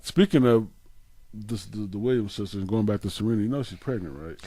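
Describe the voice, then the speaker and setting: A man's voice: lowish voice, brisk, breathy edge. A young man co-hosting a casual chat show, telling a funny story and acting out the people in it. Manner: storytelling, acts out quotes loudly. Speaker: co-host.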